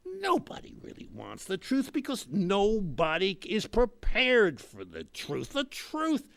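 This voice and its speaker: A man's voice: sits high, wildly swooping pitch, slow, creaky, no room sound, full character voice. Pep, a man playing a pompous old politician. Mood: rambling. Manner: pompous, rambling, mocking voices of others. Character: pompous retired male politician monologuing from his estate. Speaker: comic character host. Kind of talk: comic character monologue.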